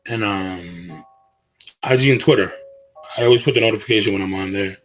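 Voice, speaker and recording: A man's voice: lowish voice, normal speed, long pauses, a bit bright, faint music behind, low-quality recording. A man hosting a casual livestream from his bedroom, talking to viewers in slangy, earnest speech that often trails off and restarts. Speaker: livestream host.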